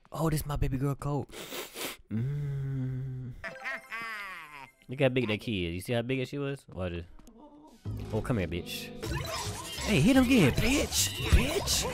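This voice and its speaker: Young dude doing let's-play commentary, slangy and swearing, voice jumping all over, game music loud behind. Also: male voice, mid-range voice. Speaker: gamer commentator.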